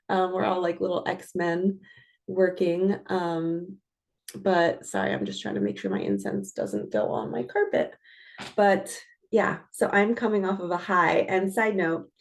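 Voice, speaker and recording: A middle-aged woman with a mid-range, slightly mellow voice works as a spiritual coach. She chats casually and earnestly while reading oracle cards, laughing often and slipping in asides to herself.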